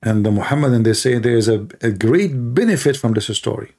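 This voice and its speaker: Gravelly, husky man. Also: mid-range voice, lively intonation, brisk, warm tone. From Middle East. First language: Arabic. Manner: sarcastic, mocking. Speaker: Christian apologist. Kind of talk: mocking commentary and anecdotes.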